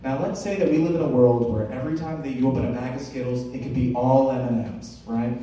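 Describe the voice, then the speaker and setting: A young man doing a stand-up comedy set on stage, telling stories with lots of filler "uh"s and slow, deadpan punchlines. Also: mid-range voice, lo-fi sound, slight background noise. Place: comedy stage with a live audience. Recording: roomy, far-off live venue recording.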